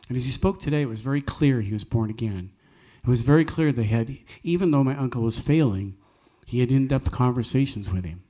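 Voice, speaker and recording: A man's voice: mid-range voice, dark tone. A man, hosting a live cafe music night, telling stories earnestly and preaching with jokey asides. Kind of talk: folksy storytelling with preaching.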